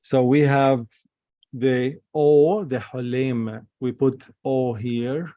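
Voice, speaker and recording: Slow, patient male Hebrew teacher. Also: medium pitch, a little mellow, no room sound, lo-fi sound. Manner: patient, spells out letters slowly. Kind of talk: online class teaching. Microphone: video call.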